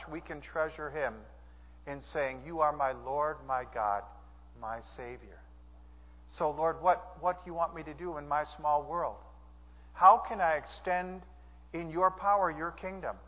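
Guy preaching a sermon in a big church, kinda high voice, long echo, dull muffled sound, earnest and repeats himself. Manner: earnest, repeats phrases, asks the congregation to respond. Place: church sanctuary.

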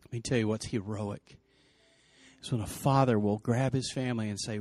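A male pastor preaching a sermon, telling the story in lively, casual slang and acting out the people's lines. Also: on the low side, moderate pace, no echo.

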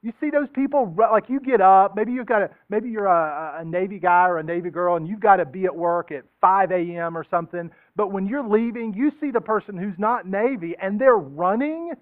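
High pitched guy preaching, jokey and chatty, sounds like a tinny phone line. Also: a little fast, hardly any pauses, dry recording. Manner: joking, conversational, acts out quoted voices. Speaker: pastor. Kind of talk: casual sermon.

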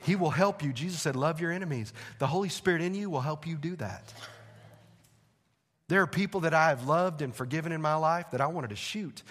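A man preaching from the pulpit in a drawl, his voice sitting a little high. He talks to the congregation like friends, tossing in playful asides. His words ring out with a long hall reverb. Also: brisk, fairly bright tone. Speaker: pastor. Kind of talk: sermon. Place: church sanctuary.

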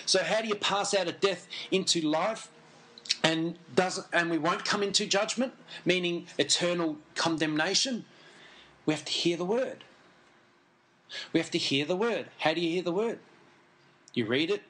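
A man's voice: fairly high pitch, normal speed, long pauses, pushed and bright, poor audio. A man preaching a sermon, earnest and emphatic, repeating key phrases and turning to the congregation with conversational asides.

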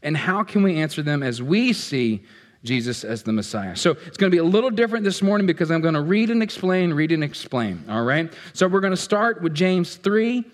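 A man's voice: on the high side, lively intonation, brisk. A man preaching a sermon as pastor, talking directly and playfully to his congregation. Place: church sanctuary. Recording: echoey hall.

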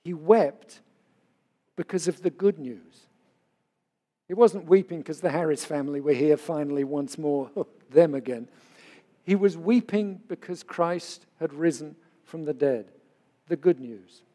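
A man's voice: on the high side, a little slow, mellow, long reverb tail. A man in his sixties, a pastor, giving an earnest, conversational sermon full of personal stories.

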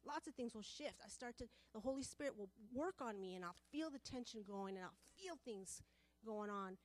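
A woman's voice: on the high side, expressive, moderate pace. A woman preaching a sermon to a women's group, passionate and repetitive, building in volume as she presses her points.

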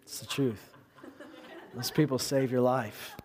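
A man who is a pastor delivering an animated sermon, mixing humor with earnest exhortation. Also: mid-range voice, slow. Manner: animated preaching with humor and acted-out voices.

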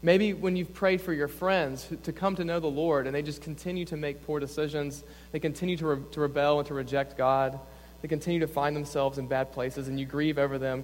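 A man's voice: fairly high pitch, fairly even intonation, fairly quick, slight background noise. A young adult man, a campus pastor, preaching a sermon in an earnest, conversational way, often saying "like". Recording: long reverb in a church hall.

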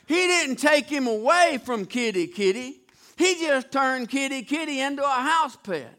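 A man's voice: extremely high pitch, animated, unhurried, bright, forceful tone. A man preaching a sermon, retelling Bible stories in a folksy, dramatic way with acted-out voices. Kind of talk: storytelling sermon.

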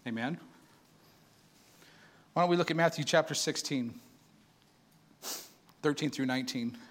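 A man preaching a sermon to his church, animated and conversational, asking the congregation for responses. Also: a little high, normal speed, a little hiss or hum. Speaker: pastor.

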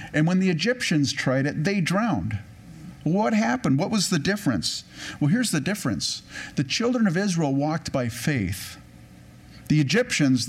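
A man's voice: mid-range voice, gravelly. Guy preaching a chatty sermon, reads bible verses out, stumbles and corrects himself. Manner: conversational preaching, reads scripture aloud, self-corrects. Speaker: pastor.

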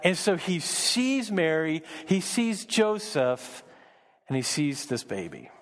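A man's voice: on the high side, big pitch swings, takes it slowly, in a large hall. A man preaching a sermon as pastor, earnest, often repeating words as he builds emphasis.

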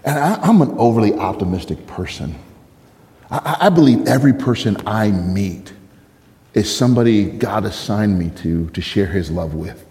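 A male pastor preaching in a big reverberant hall, his voice lowish and mellow. He tells stories animatedly, laughing and acting out the other voices as he goes. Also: normal speed. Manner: animated storyteller, laughs often, acts out quoted dialogue. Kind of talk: sermon with storytelling.

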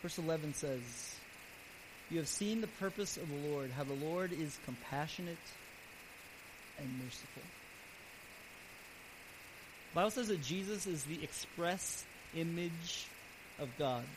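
A man pastor preaching a sermon earnestly, his voice swelling louder and then dropping soft. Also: fairly high pitch, measured pace, pauses often. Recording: steady background hiss.

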